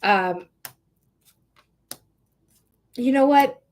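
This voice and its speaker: A woman's voice: a little high, extremely slow, darkish tone. A woman giving a live-streamed tarot reading, chatty and frank, swearing casually as she talks. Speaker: tarot reader.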